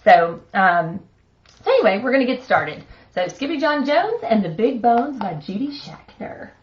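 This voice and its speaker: A woman's voice: a little high, big pitch swings, moderate pace, slight background noise. A middle-aged woman hosting a live stream, cheerfully reading a picture book aloud and chatting with a chuckle. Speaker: host reading a children's book. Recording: dull, muffled sound.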